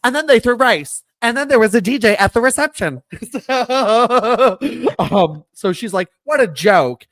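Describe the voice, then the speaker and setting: A man in lively, dry podcast banter. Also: very high-pitched, measured pace, no echo. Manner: animated, laughs often, acts out quotes. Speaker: podcast co-host. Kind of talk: casual chat.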